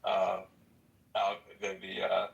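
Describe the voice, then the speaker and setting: A man moderating a casual online audio chat, talking haltingly with many repeated words and restarts. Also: low-pitched, monotone, vocal fry, lo-fi sound.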